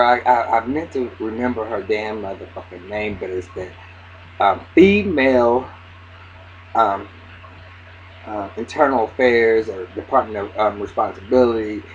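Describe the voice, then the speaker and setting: A man giving a casual, profane recap of a TV episode, acting out the characters' lines with lots of restarts. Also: fairly low pitch. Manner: excitable, acts out character lines, heavy cursing, many restarts. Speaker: TV recap reviewer. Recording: dull lo-fi audio with faint hiss.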